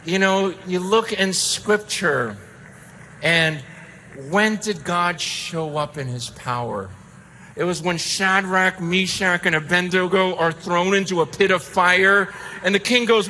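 A middle-aged man preaching a sermon, telling a story with emphatic swings between loud excitement and hushed intensity. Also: high voice, slow pace, a little hiss or hum. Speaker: pastor.

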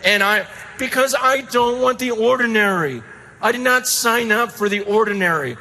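A middle-aged man preaching a sermon, telling a story with emphatic swings between loud excitement and hushed intensity. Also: very high voice, normal speed, a little hiss or hum. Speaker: pastor.

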